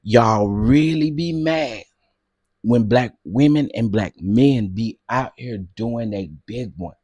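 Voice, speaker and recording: A man hosting a casual livestream, talking to his chat in an animated way and laughing often. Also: mid-range voice, husky, no echo. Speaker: livestream host.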